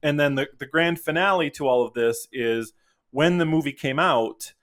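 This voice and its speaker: A man's voice: fairly high pitch, normal speed. A man, a podcast guest, telling a story in casual chat and acting out the voices he quotes. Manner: animated, acts out quoted voices.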